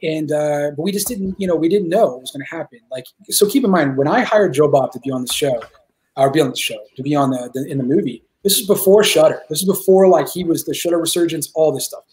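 A man talking as a guest filmmaker in a casual interview, excited and rambling, swearing freely as he tells stories. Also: a little high, fast.

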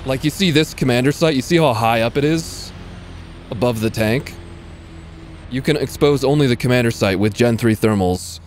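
A male streamer talks through a live match in a relaxed, chatty way, answering his chat as he plays. His voice sits at an ordinary middle pitch, and faint gunfire and engine noise run underneath. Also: normal speed. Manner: casual, chatty, answers chat while playing. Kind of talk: live gameplay commentary.

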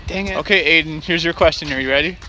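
Outdoors at a state park, a middle-aged man vlogs on a hike in casual chat, joking and teasing himself playfully. His voice is a little high, quick, pushed and bright, with slight background noise.

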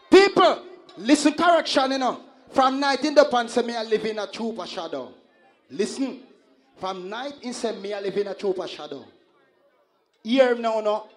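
A Jamaican man working as a sound system selector, hyping and calming the crowd in patois during a live sound clash. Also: high-pitched. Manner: shouting at the crowd in patois, hoarse hype. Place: live outdoor dance event.

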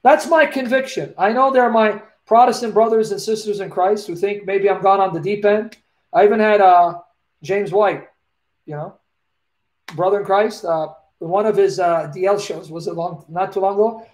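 A man's voice: high voice, normal speed, darkish tone. A man hosting a live Q&A over a video call, telling a personal story in an earnest, emotional way and often repeating his phrases. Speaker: host of a live Q&A.

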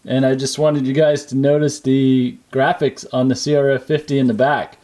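A man in his thirties hosts a casual vlog with an easygoing, friendly delivery. He walks his kids and viewers through things in plain, relaxed words. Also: medium pitch, normal speed, slight background noise. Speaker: YouTube channel host and dad.

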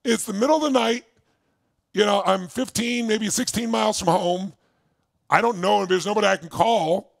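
A gravelly older man tells his story to a crowd with the force of a motivational speaker, his voice sitting a little high for a man. He swings between loud, driving bursts and quiet, close asides, and the sound is dry and close to the mic. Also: moderate pace, no echo. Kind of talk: motivational stage talk.

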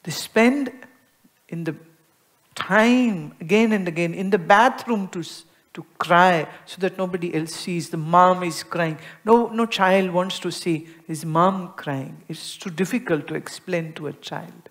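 An Indian-accented woman delivering a spiritual discourse to an audience. She speaks with lively expression, dropping to a soft hush and then rising to emphasis as she explains, often acting out little everyday exchanges. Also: fairly low pitch, unhurried. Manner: expressive, acts out everyday dialogues, swings between soft and emphatic. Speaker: spiritual teacher.

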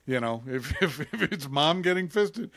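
A man's voice: fairly high pitch, animated, normal speed, fairly bright tone, no room sound. A man co-hosting a casual podcast chat, laughing often as he reads out jokes. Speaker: podcast co-host.

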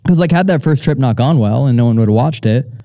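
Dark-voiced young man hosting live. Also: medium pitch, fast talker, no room sound. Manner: relaxed and rambling, many fillers and restarts, laughs often. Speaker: show host. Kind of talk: casual live Q&A chat. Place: stage at a live audience event.

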